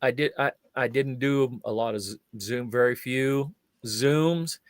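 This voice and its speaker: An older magician and fire eater, a chat show guest, shares anecdotes in a mid-range voice at a slightly slow pace, recorded dry. He tells them with gusto, acting out the voices of those involved.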